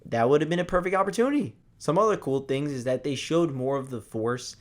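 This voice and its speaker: A young man giving a casual movie review, excited and profane, rambling with lots of restarts. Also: fairly high pitch, brisk.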